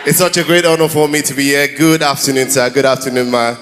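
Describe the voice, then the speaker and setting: A Nigerian man in his thirties telling comic stories live, urging the crowd to clap and shout. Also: medium pitch, quick pace. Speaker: comedian. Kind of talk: live stand-up storytelling. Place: church hall. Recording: reverberant hall with faint noise.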